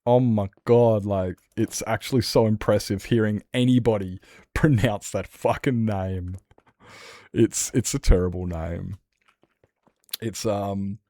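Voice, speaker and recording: A man's voice: lowish voice, darkish tone, dry recording. An Australian man chatting casually and joking with his chat while streaming a building game. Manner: joking, self-mocking banter with chat.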